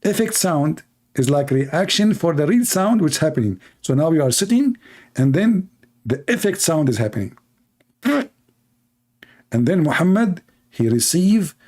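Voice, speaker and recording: Sarcastic man, mellow voice. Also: medium pitch, slightly rough. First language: Arabic. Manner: sarcastic, teasing, broken English. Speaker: livestream host. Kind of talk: mocking live-stream commentary.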